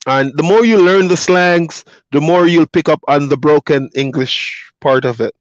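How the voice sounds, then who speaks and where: Jamaican guy on a livestream, high voice, easygoing, reads the chat and laughs a lot, dull dry lo-fi sound. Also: normal speed, no echo. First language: Jamaican Patois. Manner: reads viewer comments aloud and chats back, easygoing, laughs often. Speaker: truck driver streamer.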